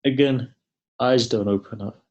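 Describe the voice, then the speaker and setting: A man preaching a mournful sermon in a mid-pitched voice, neither high nor low. He tells the story slowly and with grief, leaning on long dramatic pauses. At the most painful moments his voice sinks nearly to a hush. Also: dull audio. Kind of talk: mournful majlis sermon narration.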